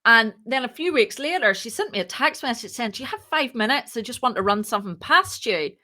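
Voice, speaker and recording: A woman founder talks on a podcast with a bright, clear, somewhat high voice. She tells her story casually and with energy, and slips into the voices of the people in it. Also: fairly quick. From moved to Ireland. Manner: lively, acts out quoted dialogue. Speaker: podcast guest, startup founder.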